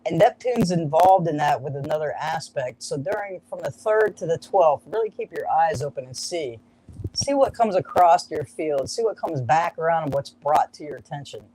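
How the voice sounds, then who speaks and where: A man's voice: on the high side, expressive, moderate pace, warm tone, rough recording. Upbeat man explaining an astrology chart. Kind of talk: live-streamed chart explanation.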